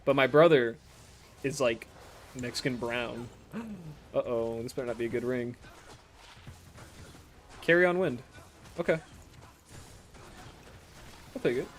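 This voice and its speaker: A man's voice: mid-range voice, slow, long pauses, slight background noise. A young American man streaming a game, chatting casually and reading viewer messages aloud, rambling, laughing often and swearing freely.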